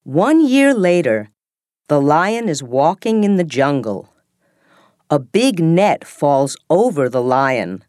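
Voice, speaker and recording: A woman narrating a simple story for English learners in a clear, deliberate way, with every phrase set apart. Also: low-pitched, sing-song, darkish tone, no room sound, clean studio sound.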